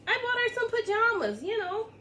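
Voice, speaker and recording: A woman playing a sweet, doting lady with a high-pitched voice who fussed over a dog. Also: very animated, moderate pace, pushed and bright, a little hiss or hum, heavily acted.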